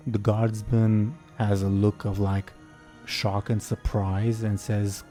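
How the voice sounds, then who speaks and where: A man's voice: fairly low pitch, level tone, takes it slowly, mellow, soft background music. A man running a tabletop game as game master, narrating hesitantly with many restarts and easy laughs.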